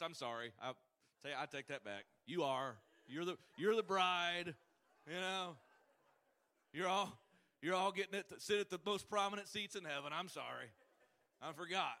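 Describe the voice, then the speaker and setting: A preacher with a bright, forceful voice pitched a little high. He tells jokes in a folksy way, shouting his main points and dropping low for asides. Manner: folksy, joking, shifts between shouting and hushed asides. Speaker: pastor. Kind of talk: sermon.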